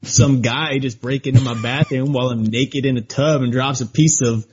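A man's voice: medium pitch, steady tone, normal speed, darkish tone, dull audio, a little hiss or hum. A man co-hosting a podcast, chatting casually in a rambling way, with lots of fillers and frequent laughs. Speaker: podcast co-host. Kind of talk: casual chat.

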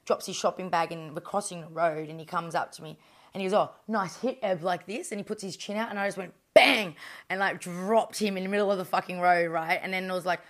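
Woman, Australian accent, rapid-fire, low-pitched, animated, swears a lot, casual storytelling. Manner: animated, blunt, heavy swearing. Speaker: guest, professional boxer.

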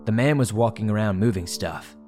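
A man hosting a horror story show, narrating listener-submitted stories in a measured way. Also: on the low side, dark tone, faint music behind.

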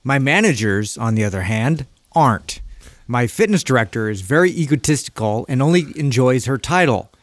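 A man reading a listener's letter aloud in a plain, steady way. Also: medium pitch, normal speed, no room sound. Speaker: reader of a listener question.

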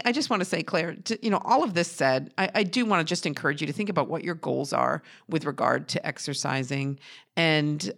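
A middle-aged woman from New Hampshire hosting a podcast, talking casually and warmly with many fillers and restarts. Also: lowish voice. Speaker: podcast host.

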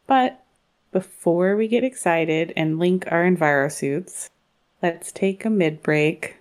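Podcast co-host, woman, jokey casual chat, slightly low pitch. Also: slow, darkish tone. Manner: playful, joking, laughs often.

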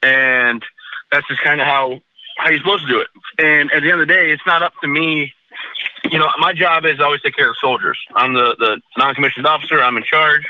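A man, an Army veteran, calmly recounting a personal story in a remote interview, matter-of-fact and self-deprecating. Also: a little high, brisk, dull audio, slight background noise.

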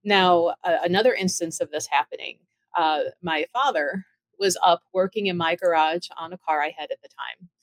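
A middle-aged woman with a fairly low voice talks through a spooky tale from her own house. She sounds chatty and animated and slips into the voices of the people she quotes. The recording is close and dry, with no room sound around her. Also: moderate pace, dry recording. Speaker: storyteller recounting ghost encounters. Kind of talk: casual storytelling.

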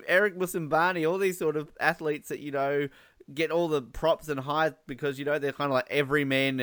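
Amused man with lively pitch. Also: no room sound, clean studio sound. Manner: amused, laughs often, teasing asides. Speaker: radio host. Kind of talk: casual radio chat, reading listener messages.

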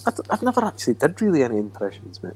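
A man's voice: medium pitch, wildly swooping pitch, racing, a little mellow, breathy edge. A middle-aged Scottish man hosting a podcast, chatting casually over drinks and rambling through stories with easy laughter. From Scotland. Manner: chatty, rambling storyteller who laughs easily. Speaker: podcast host, former footballer.

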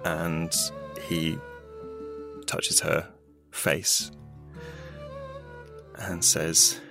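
A man's voice: a bass voice, level tone, extremely slow, gravelly. A man playing a tabletop game, narrating his character's backstory in a hesitant way with many restarts. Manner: hesitant, full of fillers and restarts. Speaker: player. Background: guitar music.

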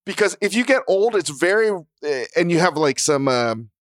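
Higher-voiced man, animated profane chatter. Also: normal speed, no echo, studio quality. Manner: animated, profane, laughing storyteller. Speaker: podcast co-host. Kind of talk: casual chat.

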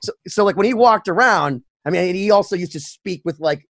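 A middle-aged man co-hosting a casual podcast, slightly high-pitched, with a pitch that leaps all over as he tells stories. He swears freely and plays out quoted voices. The sound is dry and close. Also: lively intonation, brisk, a bit bright, no echo. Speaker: podcast co-host, musician. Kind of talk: casual chat.

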